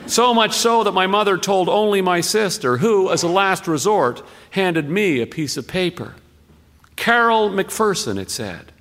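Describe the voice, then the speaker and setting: A man reading a listener's story aloud on the radio, measured and expressive, with deliberate pauses. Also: high voice, long reverb tail.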